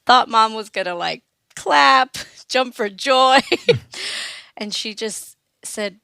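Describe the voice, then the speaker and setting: A woman's voice: a little high, animated, drawn-out words, gravelly, pushed and bright, clear, resonant tone, dry recording. A woman, a guest on a podcast, tells a personal story in a conversational way, acting out quoted voices and laughing often.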